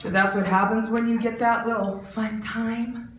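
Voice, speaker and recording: An animated woman in her forties works through a stand-up comedy set, her voice sitting a little high. She sounds distant from the mic, with a roomy echo and faint noise in the background. She keeps jumping into loud, high voices for the people in her stories. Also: normal speed. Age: 40s. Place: art center stage.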